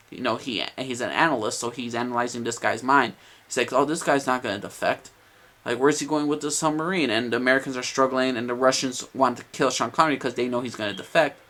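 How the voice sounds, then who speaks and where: A man with a medium-pitched, slightly bright voice gives a casual movie review, enthusiastic and rambling, peppered with lots of "uh" and "like."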